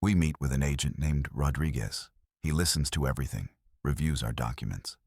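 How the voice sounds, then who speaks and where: A man's voice: rumbling low, fairly quick, darkish tone, slightly rough, no room sound, studio quality. A man narrating a first-person drama story in short, dramatic sentences, reading all the dialogue in his own voice.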